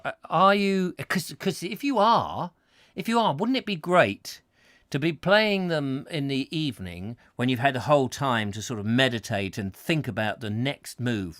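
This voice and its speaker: A man's voice: fairly high pitch, fairly bright tone, dry recording, studio quality. A man hosting a comedy chat show, rambling playfully through viewer comments and slipping into silly voices. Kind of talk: rambling comic live-stream chat.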